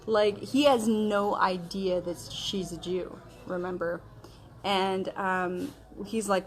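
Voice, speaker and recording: A woman's voice: fairly low pitch, fairly even intonation, slow. Casual female Bible study teacher, conversational storyteller, slangy, filler-heavy. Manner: conversational storytelling, retelling scripture in modern slang; chatty, with frequent fillers like okay and um.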